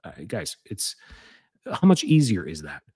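A man's voice: lowish voice, wildly swooping pitch, measured pace, warm tone, slightly rough, no room sound. A man hosting a podcast as a chiropractor, talking casually and energetically, rambling with restarts and fillers.

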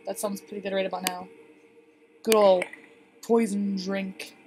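A woman giving casual, excitable commentary on a game she is playing, chatting to her viewers. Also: medium pitch, unhurried, poor audio. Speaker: let's play gamer. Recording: steady background noise.

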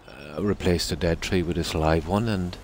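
A man streaming a game, giving casual commentary as he shows his build, easygoing and halting with frequent fillers. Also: deep voice, a little hiss or hum.

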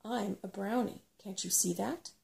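A woman voicing a sharp-tongued female brownie in a whispered role-play, with a raised, impatient delivery. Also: medium pitch, unhurried, vocal fry. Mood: cross. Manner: snappish and impatient.

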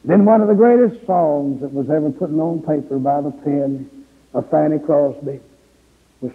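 A middle-aged man, an evangelist, preaching a revival sermon in an impassioned, pleading way with a gravelly, husky voice. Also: fairly high pitch, moderate pace. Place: church revival service. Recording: tinny, echoey old sermon tape.

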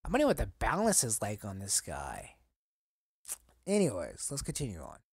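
A man in a casual collecting vlog, talking haltingly and getting choked up, rambling with many fillers. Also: fairly low pitch, wildly swooping pitch, vocal fry, a little mellow, husky, no room sound, studio quality. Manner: halting, emotional, choked up at times. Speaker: collector vlogger.

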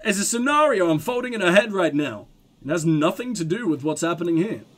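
A man hosting a game playthrough, reading the narration aloud in an animated, expressive way. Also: high-pitched, a little fast. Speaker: let's play host.

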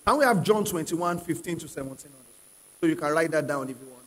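High-voiced, husky male pastor preaching. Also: animated, quick pace, a bit bright. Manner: asks the congregation questions and prods them to answer; emphatic, repeats key phrases. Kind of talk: sermon. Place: church hall with live congregation. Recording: long reverb of a large hall.

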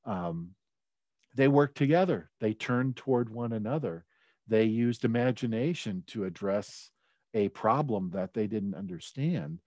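A middle-aged man speaks in a low, mellow voice, recorded dry and close. He tells a personal story in a loose, conversational way, full of ums and restarts. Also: expressive, unhurried, dry recording. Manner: conversational, many fillers and restarts, gets choked up. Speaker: speaker at a leadership talk.

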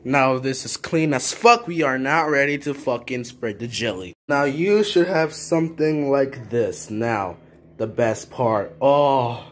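A man with a medium-pitched voice rambles through casual commentary on a video at a measured pace. This YouTube commentator swears heavily and keeps trailing off and restarting.

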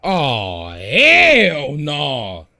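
Young man, gameplay commentary, wildly swinging pitch, slow drawn-out words, swears and shouts, faint music behind. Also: huge pitch swings. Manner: loud, yelling and swearing at the game. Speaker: gaming streamer.

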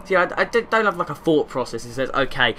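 A man's voice: a little high, big pitch swings, quick pace, pushed and bright, a little hiss or hum. A young man from England giving a rambling, jokey commentary over a racing game in his bedroom, slipping into silly voices now and then. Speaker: gaming YouTuber. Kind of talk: casual gameplay commentary. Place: bedroom with window open.

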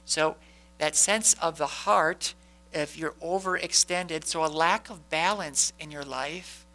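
A man leads a parish Bible study with a bright, fairly high voice. He talks to the group like a friendly teacher, tossing out questions and answering them with a quick "right?". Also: low-quality recording.

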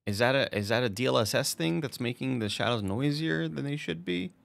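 A man's voice: medium pitch, expressive, brisk, vocal fry. A man streaming a video game, chatting casually to his viewers, swearing freely and laughing often. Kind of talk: casual gameplay commentary.

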